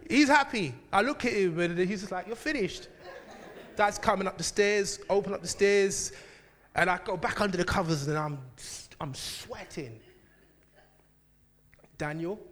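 A man preaching a sermon, telling a personal story with lively laughter and frequent asides to the congregation. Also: high voice. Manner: animated, laughing, keeps asking "do you know what I mean".

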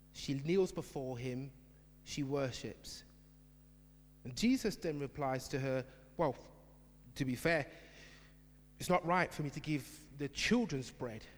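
A man preaching a sermon in a church, emphatic, swinging from shouted repetition to quiet asides. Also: medium pitch. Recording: long hall reverb.

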